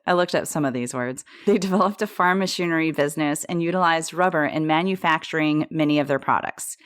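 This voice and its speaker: A woman's voice: deep voice, no room sound, clean studio sound. A woman co-hosting a podcast, telling a history story in a chatty way and correcting her own slips and pronunciations. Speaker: podcast co-host.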